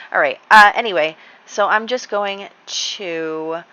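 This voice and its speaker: A woman's voice: medium pitch, takes it slowly, sharp tone, clear, resonant tone, dull audio. A woman giving casual, rambling gameplay commentary, chatty, with lots of ums and light laughs. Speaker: gaming channel host.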